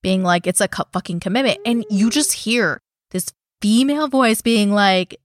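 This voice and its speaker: A woman's voice: medium pitch, normal speed. A woman co-hosting a casual paranormal podcast, swearing freely and acting out quotes as she recaps an episode. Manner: swears freely, acts out quotes, laughs often. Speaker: podcast co-host. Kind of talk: casual chat.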